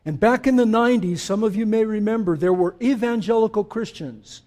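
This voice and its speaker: A male pastor preaching a sermon to his congregation, joking with them in conversational asides, then turning quiet and reflective or rising to emphatic declarations. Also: high voice, fairly quick.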